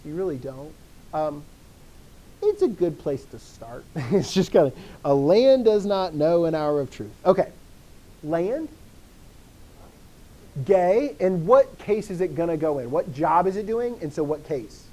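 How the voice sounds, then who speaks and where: A man's voice: high-pitched, sing-song, a little slow, long pauses, darkish tone. A man teaching a language class, keen and chatty, who asks questions and answers them himself. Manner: enthusiastic, self-interrupting, asks and answers his own questions. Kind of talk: classroom lesson.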